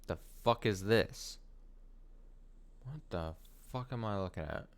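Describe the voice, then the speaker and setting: A man's voice: lowish voice, lively intonation, takes it slowly, background noise. Young man's sarcastic game commentary. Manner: casual, sarcastic and swearing. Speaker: streamer. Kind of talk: let's play commentary. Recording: game music behind.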